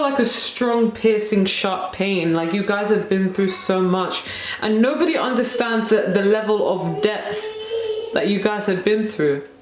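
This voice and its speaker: A woman's voice: medium pitch, a little hiss or hum. Emotional young woman in a roomy echo. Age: 20s. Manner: emotional, rambling, heavy use of "like". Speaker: tarot reader. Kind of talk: tarot card reading.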